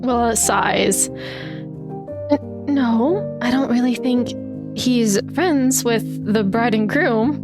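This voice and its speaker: A woman player speaking in character in a tabletop role-play, playful and quick to laugh. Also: a little high, over loud music.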